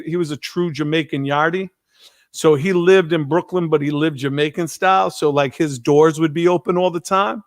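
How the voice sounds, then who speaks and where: A man's voice: fairly high pitch, no echo, studio quality. Man hosting a casual live stream. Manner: storytelling, animated, profane. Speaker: host.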